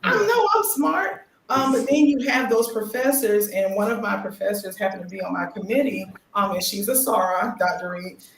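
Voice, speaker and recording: A woman's voice: mid-range voice, moderate pace, gravelly, few pauses. A middle-aged woman guest on a talk show, telling her story expressively and acting out quotes. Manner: expressive, acts out quotes, laughs. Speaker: guest, new doctorate holder. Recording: roomy echo with faint noise.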